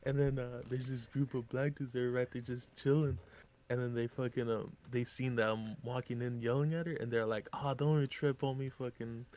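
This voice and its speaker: A man's voice: mid-range voice, a little fast. A young man and regular streamer casually telling a story, cursing and acting out the people in it. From Mexican heritage. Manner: animated, acts out voices in anecdotes, profane.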